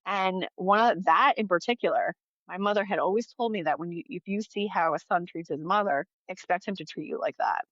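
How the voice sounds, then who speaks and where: A woman's voice: on the low side, a bit bright, no room sound, dull audio. A woman in her thirties, a podcast host, talking in a casual, earnest monologue, full of "like" fillers. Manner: earnest, chatty, many "like" fillers.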